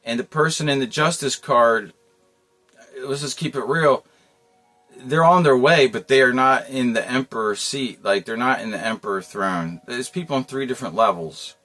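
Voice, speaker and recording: A man's voice: medium pitch, normal speed, bright, forceful tone, faint music behind. A man giving a casual tarot reading, talking in a loose, rambling way with lots of slang and frequent chuckles. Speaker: tarot reader.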